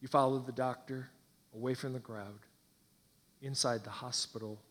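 A man preaching, telling a dramatic story in slow, hushed, intense phrases. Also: mid-range voice, fairly even intonation, in a large hall. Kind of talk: sermon storytelling.

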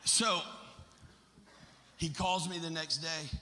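A male preacher with a high, very bright voice delivers an impassioned sermon. His emphatic preaching carries a long reverb from a large hall. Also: fairly even intonation, slow. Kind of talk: sermon storytelling.

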